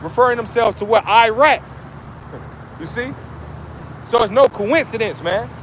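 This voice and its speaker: A man's voice: extremely high pitch, lively intonation, unhurried, a bit bright. A man preaching to a street audience in slang, with constant asides like "man" and "you see". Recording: outdoor street noise.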